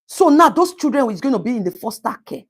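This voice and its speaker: A woman live streams in a high voice with a breathy edge, speaking quickly and very animatedly as her pitch swings widely. She comments on the stream, breaks off to greet viewers by name, and slips into Pidgin asides.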